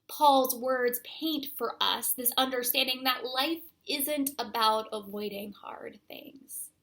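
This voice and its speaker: A young adult woman pastor giving a sermon, speaking slowly and deliberately and letting her phrases fade to a near-whisper. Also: a little high, vocal fry, fairly bright tone. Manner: slow, deliberate delivery that trails off to a near-whisper at phrase ends.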